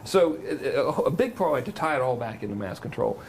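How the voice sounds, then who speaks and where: Fast-talking Southern man on marketing. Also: medium pitch, animated, slight background noise. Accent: Southern US, Georgia. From Macon, Georgia, US. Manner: rambling, jokey, full of "you know". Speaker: marketing guest. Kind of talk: casual interview talk.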